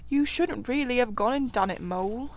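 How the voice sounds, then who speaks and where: A woman voicing a brave, good-natured male water rat, speaking in a brisk, soothing and hearty way in a storybook reading. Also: fairly high pitch, pitched above the performer's own voice, lightly acted.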